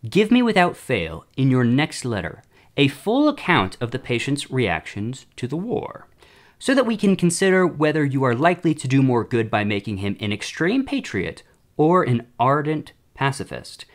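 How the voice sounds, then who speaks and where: Scheming elder demon read by a man, formal letter voice, measured and lively in pitch. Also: lightly acted. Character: scheming elder male demon giving advice.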